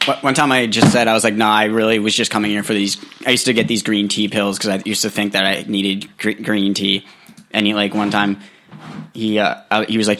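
A man's voice: on the low side, brisk, slight background noise. A young man co-hosting a casual podcast chat, delivering absurd tall tales with a straight face. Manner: deadpan, tells absurd made-up stories straight-faced.

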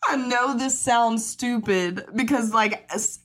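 A woman's voice: a little high, takes it slowly, a bit bright. A woman in her twenties hosting a podcast, talking in a casual monologue, acting out the people she quotes, swearing freely, with lots of fillers. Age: 20s. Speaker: podcast host.

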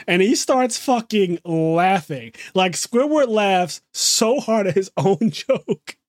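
A man with a fairly high voice chats excitedly, swears freely and laughs a lot. The recording is dry and close, with no room echo. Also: takes it slowly, hardly any pauses. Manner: excitable, profane, laughs often. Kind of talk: casual podcast chat.

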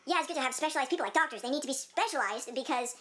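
High-voiced young woman chatting. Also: racing, fairly bright tone. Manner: laughs often, rambling with many fillers. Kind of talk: casual chat.

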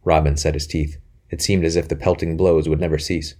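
A man narrating a historical novel, measured and earnest. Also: extremely low pitch, level tone, mellow. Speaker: audiobook narrator. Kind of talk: scripted narration.

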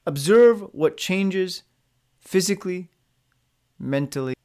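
A man's voice: slow, clear, resonant tone. A man delivers a solo motivational podcast in a loose, conversational way. He is blunt and salty, tossing out swear words and rhetorical questions, and his voice climbs whenever he turns upbeat. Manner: lively, pitch rises when upbeat. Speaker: podcast host.

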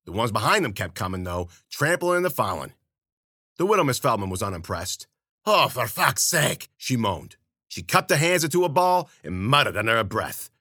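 Male storyteller, tough-guy slang, lively pitch, bright clear tone, dry close mic. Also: a little fast, no echo. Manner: tough-guy slang, wry asides to the listener. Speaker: storyteller and podcast host. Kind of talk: first-person hardboiled storytelling.

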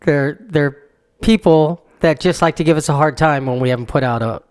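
A man's voice: on the high side, normal speed, a little mellow, smooth. A man co-hosting a podcast, telling stories in a laid-back, chatty way. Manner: laid-back storytelling, laughs often. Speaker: podcast co-host. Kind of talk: casual chat.

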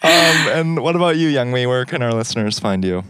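A man's voice: mid-range voice, animated, fairly quick, fairly bright tone, clear, resonant tone. A man hosting a podcast, earnest and hesitant in casual chat. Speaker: podcast host.

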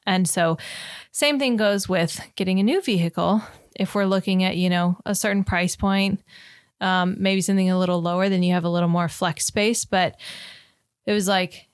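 A woman's voice: lowish voice, fairly even intonation, moderate pace, smooth, no echo, clean studio sound. A woman co-hosting a casual podcast with her husband, laughing often and explaining money choices in a practical way. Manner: laughs often, talks things through with practical reasoning. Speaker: podcast co-host. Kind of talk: casual chat.

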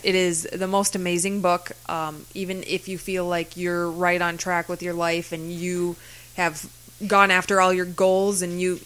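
A woman's voice: fairly low pitch, flat delivery, measured pace, fairly bright tone, clean tone. A woman co-hosting a podcast, talking in a casual, earnest way. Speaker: podcast co-host. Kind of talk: casual chat.

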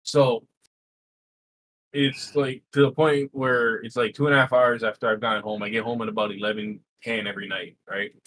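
A man co-hosting a podcast, telling a family story in a casual, animated way with lots of fillers and swearing. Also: medium pitch, normal speed, rough recording. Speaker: podcast co-host. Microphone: game console headset. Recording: faint noise, home recording.

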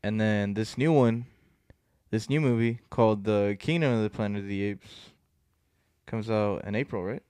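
Low-voiced man asking quick questions. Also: mellow, clear, resonant tone, no room sound. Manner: short questions and back-channel replies. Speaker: podcast co-host. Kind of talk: casual movie podcast chat.

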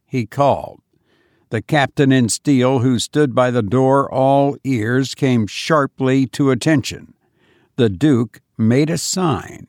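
Male audiobook narrator, measured and dramatic, dry close-mic read. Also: medium pitch, lively intonation, dry recording. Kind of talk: scripted narration of a historical novel.

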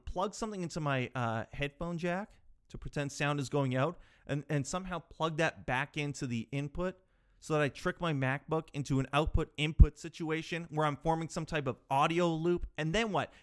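A man's voice: on the high side, a bit bright. A man of thirty hosting his own solo podcast, rambling and self-mocking, growing exasperated as he talks. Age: 30s. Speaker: podcast host. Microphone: podcast microphone.

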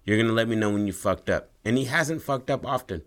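Low-voiced man telling a story, loose and profane. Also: animated, quick pace, a bit bright. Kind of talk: casual chat, pitching a story idea.

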